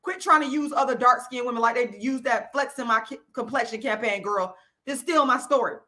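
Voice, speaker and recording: Bright-voiced woman ranting on camera. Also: fairly high pitch, a little fast. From Florida, US. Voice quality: loud, profane, repetitive emphatic delivery. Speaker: YouTube channel host. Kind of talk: angry direct-to-camera rant.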